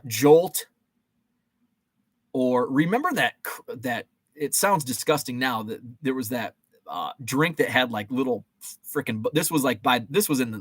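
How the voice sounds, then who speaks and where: A man's voice: medium pitch, dry recording. A man in his forties hosting a casual live-stream chat, rambling and joking with many fillers and restarts.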